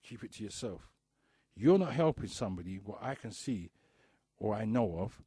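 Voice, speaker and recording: A man's voice: fairly low pitch, expressive, moderate pace, warm tone, slightly rough, dry recording. A man hosting a radio talk show, ranting bluntly with profanity and hammering home repeated rhetorical questions. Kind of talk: impassioned radio monologue.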